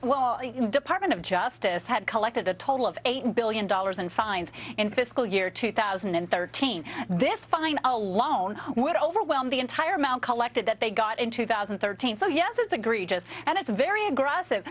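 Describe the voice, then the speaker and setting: A woman speaking as a guest on a TV panel, brisk and factual. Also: a little high, animated. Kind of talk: TV panel discussion.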